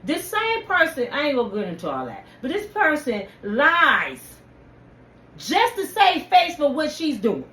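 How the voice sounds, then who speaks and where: Heated, preachy woman with a lively high voice. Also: measured pace. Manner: heated, preachy, addresses viewers directly. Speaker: channel host. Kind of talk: impassioned personal rant to camera. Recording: echoey room with faint ambient noise.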